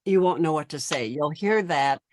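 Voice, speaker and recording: A woman's voice: deep voice, expressive, moderate pace. A woman leading a poetry workshop, patiently explaining each step to her participants. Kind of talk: giving workshop instructions.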